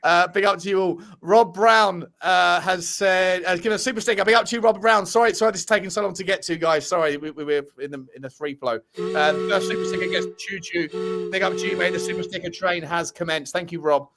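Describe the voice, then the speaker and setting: A man's voice: high voice, fairly even intonation, brisk. A man hosting a casual fan podcast, cheerfully reading out and thanking super chat donors. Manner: upbeat, shouting out donors, chatty with restarts. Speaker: host reading super chats.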